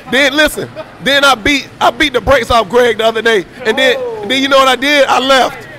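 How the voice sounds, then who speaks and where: High bright voiced guy talking trash on stream mic, cocky and crude. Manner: boastful, taunting, profane. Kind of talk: brash trash talk.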